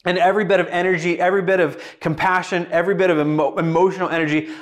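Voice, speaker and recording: High-voiced animated male preacher. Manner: animated, emphatic preaching with dramatic pauses. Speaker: pastor. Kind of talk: sermon.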